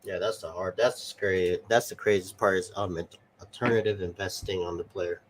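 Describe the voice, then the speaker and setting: A man's voice: low voice, fairly even intonation, moderate pace, slight background noise. A man co-hosting a casual live stream, asking rambling questions full of hesitations. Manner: rambling, hesitant, lots of fillers. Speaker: co-host.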